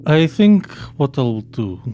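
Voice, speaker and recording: A man's voice: mid-range voice, very animated, slow pace, dark tone, faint music behind. A man playing a tabletop game, thinking aloud and often hesitating. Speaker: player. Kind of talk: casual tabletop play.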